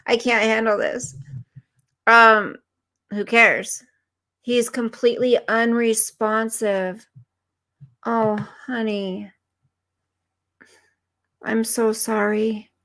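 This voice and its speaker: This woman's voice sits a little high, with fairly even intonation, a slightly slow pace, and a fairly bright tone. She hosts a casual livestream, reading viewer comments and chatting with people by name, though she sounds tired and unwell.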